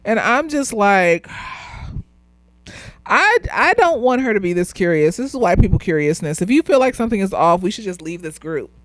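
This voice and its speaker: A woman's voice: mid-range voice, big pitch swings, a little fast, few pauses, no room sound. A slightly tipsy woman, a therapist, giving a loose, rambling review of a TV show, swearing freely and laughing often.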